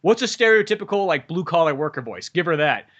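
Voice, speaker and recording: A man's voice: a little high, fast, highs cut off. A man talking casually as a podcast host, swearing a lot and riffing with mocking asides. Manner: profane, animated, mocking impressions. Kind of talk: casual chat.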